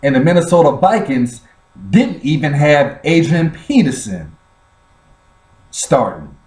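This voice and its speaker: A man's voice: fairly high pitch, very animated, a little slow, darkish tone, echoey room, far from the mic. A man ranting and teasing about football in a mocking, theatrical way. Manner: teasing, theatrical fake sobbing and laughing. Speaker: vlogger reacting to a sports clip. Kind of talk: mocking sports rant.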